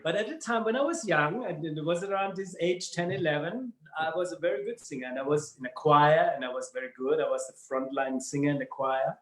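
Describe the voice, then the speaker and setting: A German-accented man, a dance guest in a casual interview, playful and quick to laugh. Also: a little high, a bit bright. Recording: echoey room with faint noise.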